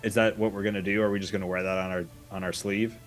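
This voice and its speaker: A man's voice: fairly low pitch, flat delivery, quick pace, over loud music. A man playing a tabletop game, chatting casually and hesitantly with other players. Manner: rambling, hesitant.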